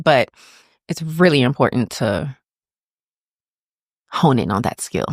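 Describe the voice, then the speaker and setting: Low voiced woman cohost, casual podcast chat, lots of mm-hmms, dry sound. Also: sing-song, measured pace, no echo. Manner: supportive listener, short affirmations. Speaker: podcast co-host.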